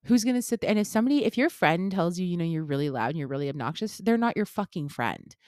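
Low-voiced profane woman podcast host. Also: sing-song, fast talker, a little mellow, dry recording, studio quality. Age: 30s. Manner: blunt, profane, impassioned pep talk. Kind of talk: solo podcast monologue.

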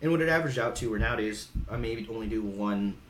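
With a low-leaning voice and a quick pace, a Hawaiian man in his thirties chats candidly as a veteran podcast guest. He's casual and frank, swears at times, and acts out quoted voices as he tells his stories. The sound is a bit bright, with slight background noise in an echoey room.

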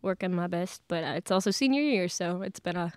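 Smooth-voiced teen girl chatting. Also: lowish voice, expressive, fairly quick, darkish tone, dry recording. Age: late teens. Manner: chatty, laughs often, many fillers. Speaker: guest. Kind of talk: casual chat. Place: church studio.

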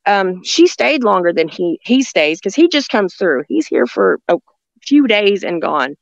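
A woman telling stories in a rambling, halting way, with many restarts, talking from a rural home near the woods. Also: medium pitch, big pitch swings, gravelly, no room sound, dull audio. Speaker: guest telling encounter stories. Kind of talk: casual storytelling on a call-in show.

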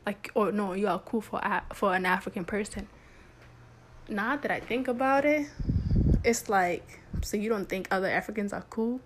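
A woman's voice: medium pitch, moderate pace, slight background noise. A young woman hosting a podcast, talking candidly in a chatty way, with lots of restarts and "like". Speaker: podcast host. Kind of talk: casual solo talk.

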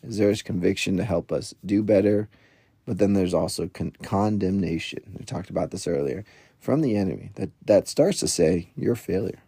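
Low gravelly-voiced man telling a story. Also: normal speed, mellow, dry recording, studio quality. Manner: rambling, self-deprecating, many fillers and restarts. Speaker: biblical parenting coach. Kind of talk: casual solo podcast storytelling.

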